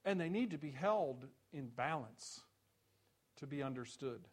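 A male pastor delivering a sermon, building to loud, rising rhetorical questions and dropping low and soft on key phrases. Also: unhurried.

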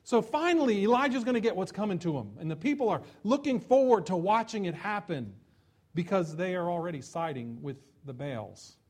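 Guy preaching, tells the story real animated, acts out the shouting bits, pretty high voice. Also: a little fast. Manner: lively storytelling, acting out voices and taunts. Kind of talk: sermon.

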